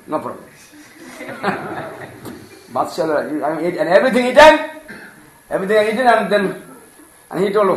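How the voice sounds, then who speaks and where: A man telling a devotional story in simple English, animated, acting out the characters' voices and laughing often. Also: high voice, moderate pace, long pauses. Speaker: storyteller preacher. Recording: echoey room.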